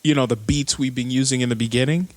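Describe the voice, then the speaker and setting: A man's voice: medium pitch, steady tone, fast, big-room sound. A young man co-hosting a podcast in easygoing, chatty talk, telling anecdotes. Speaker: podcast co-host. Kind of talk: casual chat.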